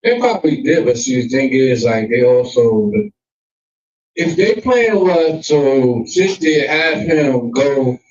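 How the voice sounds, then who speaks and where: Rambling measured man, distant mic. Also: mid-range voice, lively intonation, darkish tone. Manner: measured, rambling, many fillers. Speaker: podcast co-host. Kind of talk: casual chat. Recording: echoey, distant, dull lo-fi sound.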